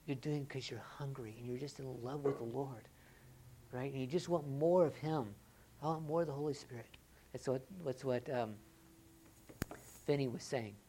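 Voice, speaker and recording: A woman preaching a sermon in a church, moving between loud, excited rhetorical questions and quiet, earnest appeals. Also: rumbling low, slight background noise.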